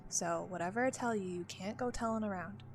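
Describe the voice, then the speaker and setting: A woman's voice: medium pitch, a little fast, background noise, close to an everyday voice. A woman reading the lines of a middle-aged male park ranger with a thick Southern US drawl, folksy and confiding.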